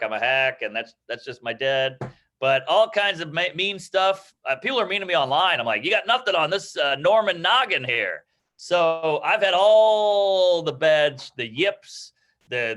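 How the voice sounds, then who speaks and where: A man's voice: fairly high pitch, fairly bright tone. A man, a stand-up comedian, giving brash, self-mocking advice to a class in casual, profane chat. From New York. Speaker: guest comedian.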